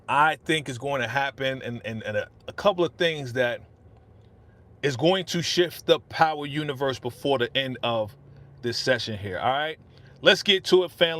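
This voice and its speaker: A man hosting a live stream at an easy, chatty clip, full of slang and loose asides to his viewers. His pitch sits in an ordinary middle range. He speaks close into a studio podcast microphone. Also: a bit bright. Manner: chatty and slangy, reads viewer comments aloud. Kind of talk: casual live stream commentary.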